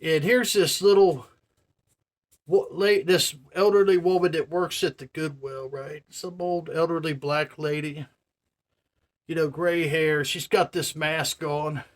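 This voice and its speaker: A man on a vlog spins a story and slides into a profane rant, checking in with his viewers as he goes. His voice sits a bit on the high side. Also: fairly even intonation, a little slow. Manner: profane, ranting, addresses viewers directly. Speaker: vlogger. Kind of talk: casual storytelling rant to camera.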